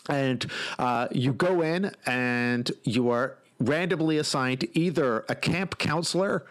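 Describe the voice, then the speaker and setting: A man chatting casually about a video game and telling a funny story with growing excitement. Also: mid-range voice, takes it slowly. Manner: animated storyteller, laughs while telling.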